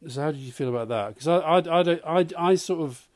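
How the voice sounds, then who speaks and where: A man's voice: a little high, quick pace, no room sound. A man co-hosting a podcast, chatting in an easygoing, dry-humoured way. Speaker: podcast co-host. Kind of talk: casual chat.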